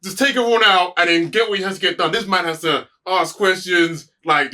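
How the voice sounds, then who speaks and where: A young man, chatting excitedly on a review show in slang. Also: high voice, brisk. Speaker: podcast co-host. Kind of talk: casual review chat.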